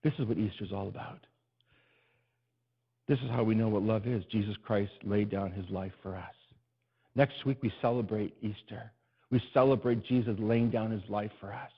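A pastor telling a personal story in a sermon, building to emphatic, repeated refrains. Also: male voice, fairly low pitch, fairly even intonation, moderate pace, slightly rough. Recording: dull lo-fi recording.

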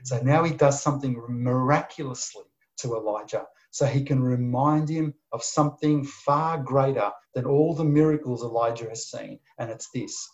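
A man preaching a sermon, swinging from emphatic bursts to soft, near-whispered lines. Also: medium pitch, moderate pace, few pauses. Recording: dull lo-fi sound.

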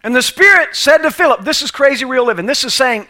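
A man preaching a sermon with passion, swinging between loud calls and quiet asides. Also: very high-pitched, animated, fairly quick. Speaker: pastor.

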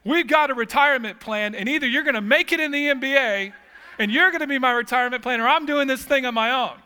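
A man's voice: sits high, lively intonation, measured pace, sharp tone, full character voice. A man voicing his stern, frugal father lecturing his son during a sermon.

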